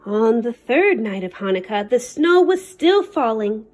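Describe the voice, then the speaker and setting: Animated woman reading a children's story. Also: a little high, a little slow, faint music behind. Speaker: library storyteller. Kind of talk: children's read-aloud.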